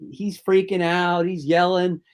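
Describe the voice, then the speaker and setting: A man's voice: high-pitched, level tone, unhurried, clean tone. Man telling a casting story. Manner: rambling anecdotes with acted-out quotes. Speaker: film director, interview guest. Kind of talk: casual interview storytelling.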